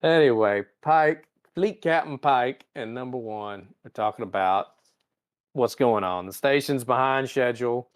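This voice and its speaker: A man's voice: mid-range voice, clean tone. A man hosting a podcast, casually recapping an episode and briefly mimicking characters' lines. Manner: recaps scenes in quick mimicked voices. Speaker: podcast host.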